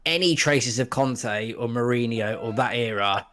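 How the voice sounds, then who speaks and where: A man's voice: medium pitch, unhurried, a bit bright. A man chatting bluntly on a football podcast. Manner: blunt, dismissive. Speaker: podcast co-host. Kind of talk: casual podcast chat.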